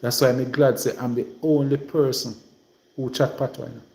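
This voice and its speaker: Man, Jamaican patois accent, rambling casual livestream talk, middle pitch, roomy echo. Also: little pitch movement, moderate pace, gravelly, warm tone, slight background noise. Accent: Jamaican, Trelawny patois. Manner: rambling, mixes patois and English. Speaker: livestream host.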